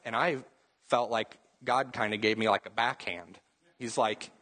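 A man's voice: mid-range voice, fairly bright tone. A young adult man, a pastor, preaching a sermon in a casual, conversational way with joking asides.

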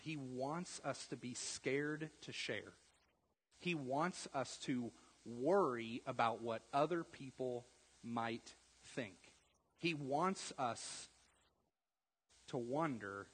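A man preaching a conversational sermon, repeating words and swinging from quiet asides to loud emphasis. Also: medium pitch, slow pace, husky. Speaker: pastor. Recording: long reverb of a church hall.

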